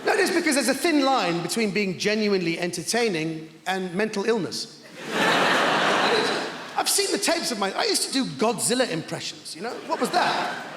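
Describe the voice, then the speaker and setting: A man's voice: high voice, moderate pace, slight background noise. A man doing self-mocking stand-up comedy on a large theatre stage with a stage mic. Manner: animated, self-mocking storytelling. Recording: echoey hall, loud crowd laughter.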